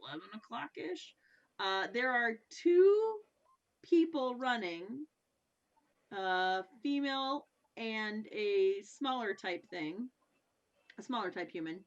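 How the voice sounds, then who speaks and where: A woman running a tabletop game as game master, narrating haltingly with many fillers. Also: fairly high pitch, lively intonation, lo-fi sound.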